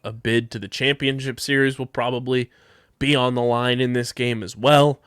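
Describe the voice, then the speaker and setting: A man's voice: mid-range voice, flat delivery, normal speed, fairly bright tone, clear, resonant tone, no room sound. A man co-hosting a casual sports podcast, upbeat and jokey, reading sponsor spots in a hype voice. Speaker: podcast co-host.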